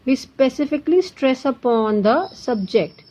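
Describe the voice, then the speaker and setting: A young woman with an Indian accent explains grammar in a patient classroom manner. She goes over each point more than once and now and then slips into Hindi. Her voice sits a little high, and the recording sounds dull and lo-fi. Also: lively intonation, a little slow, dark tone. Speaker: English grammar teacher. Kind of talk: classroom lesson.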